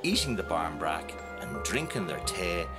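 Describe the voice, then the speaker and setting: A storyteller with a Northern Irish accent speaks a little slowly in a low voice, telling children a folk tale while loud music plays behind him. He's playful and animated, addressing his listeners directly.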